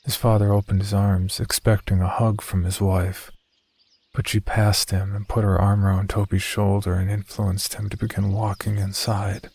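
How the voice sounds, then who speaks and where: Male horror narrator, deep voice with vocal fry, dead-level delivery. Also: level tone, normal speed, a little mellow, no echo.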